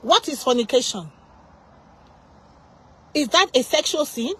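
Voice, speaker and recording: A woman's voice: high-pitched, expressive, a little slow, a bit bright, breathy edge. A woman preaching an informal sermon, impassioned and full of repeated rhetorical questions.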